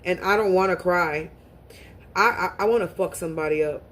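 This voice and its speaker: A woman's voice: lowish voice, fairly quick, fairly bright tone. Woman w/ venting to her camera, blunt, lots of cursing, trips over her words. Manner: blunt, profane, restarts and repeats words. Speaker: spiritual reader. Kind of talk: casual monologue to camera.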